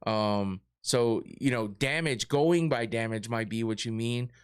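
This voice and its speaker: A man's voice: medium pitch, unhurried, clear, resonant tone. A man hosting a casual podcast, rambling through his points with lots of fillers, restarts and swearing. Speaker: podcast host reading live chat.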